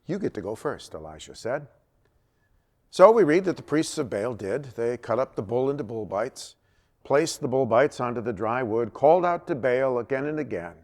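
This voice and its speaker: A man leads a church Bible study session and retells a scripture story with lively delivery. His pitch moves up and down a great deal, and his voice sits in the middle of the usual male range. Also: normal speed.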